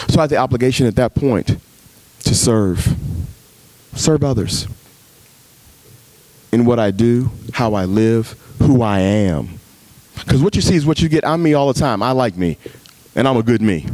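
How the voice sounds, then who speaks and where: A man gives a sermon at a men's retreat, his voice climbing sharply when he acts out arguing with God and settling low when he turns personal. The sound is dry and close, with little room echo. He speaks as a pastor talking straight to the men in front of him. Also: normal speed, pauses often, warm tone. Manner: preaching with big pitch swings, acting out dialogue with God.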